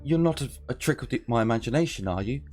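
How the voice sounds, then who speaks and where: A man's voice: mid-range voice, animated, fast talker, darkish tone, faint music behind, close to an everyday voice. A man voicing a frightened, grieving woman survivor, talking anxiously and urgently. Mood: distraught.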